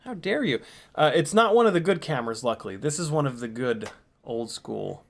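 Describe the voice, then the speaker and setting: Gravelly, exasperated livestream host man. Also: medium pitch, lively intonation, a little fast. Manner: exasperated muttering, reads chat aloud. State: still a bit sick. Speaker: FPV drone livestream host. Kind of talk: casual livestream chat.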